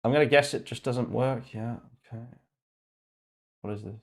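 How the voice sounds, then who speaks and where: A young man chatting casually on a livestream while he codes. He swears freely, thinks out loud, and reads code notes aloud in a flat murmur. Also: medium pitch, moderate pace.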